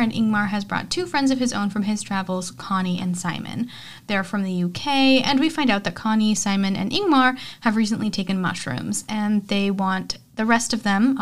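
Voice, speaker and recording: A woman hosting a podcast, recapping a film in a loose, chatty way. Her voice sits in a middle pitch, and she keeps a conversational flow full of fillers and quoted lines. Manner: chatty, filler-heavy retelling with acted quotes. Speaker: podcast host. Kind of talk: casual movie recap.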